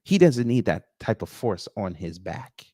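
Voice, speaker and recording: A man's voice: lowish voice, big pitch swings, unhurried, mellow, dry recording, studio quality. Sarcastic man hosting a livestream. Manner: sarcastic, greets chat viewers by name. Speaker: livestream host. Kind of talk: commentary livestream.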